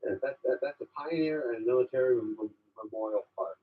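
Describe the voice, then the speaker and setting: A man with a husky, breathy voice points out sights and gives calm, short directions. His pitch is mid-range. The sound is thin and tinny, like a phone line. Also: a little fast. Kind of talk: casual chat.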